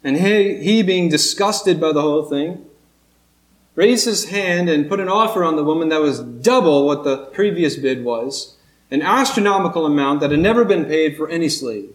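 Male preacher, earnest and emphatic, slow pauses, somewhat higher voice, roomy sanctuary sound. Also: lively intonation. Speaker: pastor. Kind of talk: sermon. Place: church sanctuary. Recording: echoey church room.

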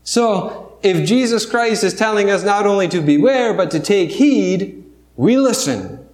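Pastor preaching in an echoey room. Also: male voice, high-pitched, lively intonation, a little slow, darkish tone. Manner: conversational preaching with frequent restarts and rhetorical questions. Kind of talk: sermon. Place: church sanctuary.

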